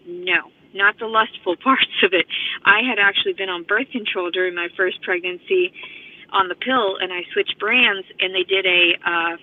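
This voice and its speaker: A woman rambling to her phone camera in an agitated, profane monologue, a little out of breath. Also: fairly low pitch. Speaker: vlogger. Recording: tinny phone-like audio.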